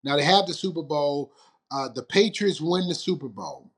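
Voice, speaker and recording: A retired football player from Detroit, USA, tells stories as an interview guest. His voice is a little high and slightly rough, moving at a moderate pace, and he acts out the quoted lines with plenty of laughter.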